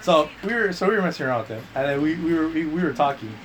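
A man's voice: a little high, expressive, rapid-fire, slight background noise, low-quality recording. A young man chatting casually while gaming, rambling through a crude story with lots of swearing and restarts. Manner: rambling, profane, restarts a lot. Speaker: gamer telling a story.

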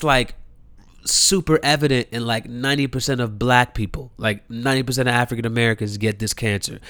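A young man telling a personal story in casual chat, rambling and animated with lots of fillers and swearing, his voice jumping up when he shows disbelief. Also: clean tone, dry recording. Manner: jumps high in pitch when voicing disbelief.

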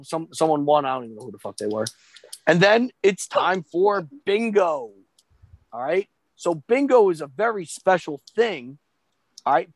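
Animated high-voiced man telling stories. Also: dry recording. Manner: animated, profane, acts out quoted voices. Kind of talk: casual storytelling chat.

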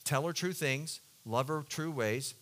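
A male pastor preaches with a bright, ringing tone, sitting a little higher than most men. He tells a personal story earnestly and confessionally, pushing into loud emphatic bursts and then dropping into soft, low stretches. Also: a little slow. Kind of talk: sermon.

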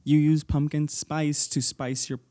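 A man's voice: a little high, flat delivery, a little slow, dark tone, no echo, studio quality. A young man co-hosting a casual podcast chat, teasing and exasperated, laughing often. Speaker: podcast co-host.

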